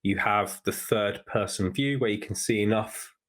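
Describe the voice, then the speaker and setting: A man's voice: lowish voice, moderate pace, fairly bright tone. A man co-hosting a podcast who explains points thoughtfully in casual chat, with a lot of fillers. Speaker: podcast co-host.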